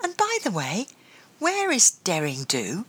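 A woman's voice: medium pitch, huge pitch swings, a little slow, fairly bright tone, breathy edge, pitched above the performer's own voice, exaggerated voice. A woman voicing a curious young girl who asks earnest questions.

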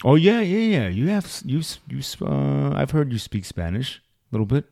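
A man's voice: medium pitch, very animated, moderate pace, creaky, warm tone, dry recording, clean studio sound. A young man in casual chat, curious and laughing, prodding his friend with questions. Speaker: conversation partner.

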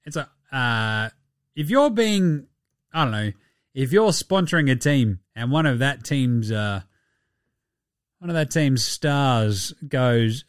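A man hosting a casual sports podcast, animated and jokey, swearing freely. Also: mid-range voice, slow, clean tone, no echo, clean studio sound. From Australia. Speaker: podcast host.

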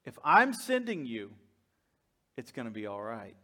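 A man's voice: medium pitch, wildly swooping pitch, a little slow, pushed and bright, voice pushed down, full character voice. A man preaching a sermon, voicing a patient but exasperated male God who teases and reassures. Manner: teasing, reassuring.

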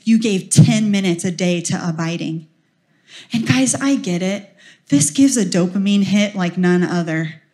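Female preacher, 40s, casual sermon delivery: earnest, talks to the crowd like friends, quiet confiding stretches that build to urgent pushes. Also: mid-range voice. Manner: conversational and earnest, often dropping soft then rising with urgency. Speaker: speaker at a Christian teaching talk. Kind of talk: informal sermon.

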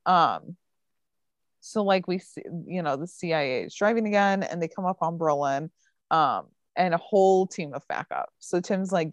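Lowish woman voice, chatty podcast recap, lots of likes and ums, dry sound. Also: normal speed, no room sound. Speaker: podcast co-host recapping a TV episode. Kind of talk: casual recap chat.

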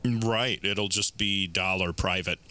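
Slow, bright-voiced man co-hosting a podcast. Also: deep voice, steady tone. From Michigan. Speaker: podcast co-host. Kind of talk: casual podcast banter. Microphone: remote recording software.

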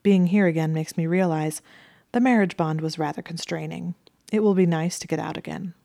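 A woman's voice: lowish voice, brisk, vocal fry, warm tone, dry recording, studio quality. Draco, a drawling smug wizard, read by a woman. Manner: drawling, bland. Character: smug, leering young wizard man.

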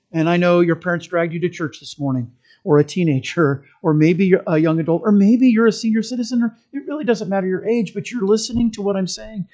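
A male pastor preaches in a church, emphatic yet conversational, shifting between strong stresses, quiet asides and funny stories. His voice is high-pitched, and the recording's upper frequencies are cut off.

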